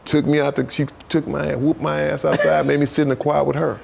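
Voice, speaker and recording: A man telling stories on a talk show, in an animated, repetitive way, jumping into high voices for quotes. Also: fairly quick, creaky, very noisy. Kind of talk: storytelling talk-show chat.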